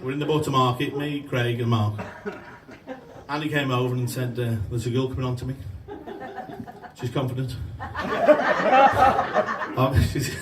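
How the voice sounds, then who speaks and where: A man tells long, rambling jokes with plenty of swearing. He often loses his place in the story. His voice comes from a distance in an echoey room, with loud background noise. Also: mid-range voice. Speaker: amateur stand-up comedian. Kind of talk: stand-up joke telling. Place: function room before a laughing crowd. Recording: echoey room recorded from afar, noisy.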